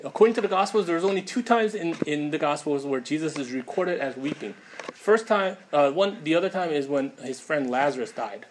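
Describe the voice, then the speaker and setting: Conversational male preacher, slightly high voice. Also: a little hiss or hum. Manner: conversational, many fillers and tag questions. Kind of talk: casual sermon.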